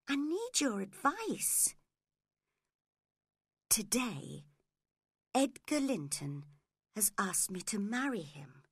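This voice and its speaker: A woman voicing a proud, willful young woman who confides in hushed tones and turns cross in a storybook reading. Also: mid-range voice, slightly rough, dry recording, studio quality, full character voice. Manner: whispering and pleading, then cross.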